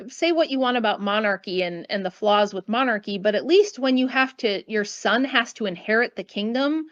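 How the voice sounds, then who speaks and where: An American woman appears as a guest author in an interview, giving blunt, emphatic opinions with casual asides. Her voice is fairly high, and the audio sounds dull.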